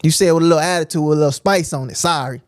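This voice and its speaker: A man's voice: fairly high pitch, fairly even intonation, rapid-fire, a little mellow, dry recording, studio quality. A man preaching informally on a livestream, emphatic and repetitive, often checking in with "right?". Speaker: streamer teaching scripture.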